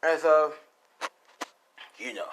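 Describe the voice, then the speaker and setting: A man's voice: a little high, expressive, slow, a bit bright. A young man improvising a fan story as narrator, rambling, with lots of "you know" and "like" fillers.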